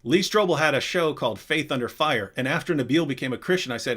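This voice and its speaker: A man's voice: mid-range voice, fast, hardly any pauses. A man hosting a live question and answer stream, talking casually and animatedly, often breaking off and restarting. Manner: animated, rambling, self-interrupting. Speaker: live Q&A host. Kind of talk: casual livestream chat.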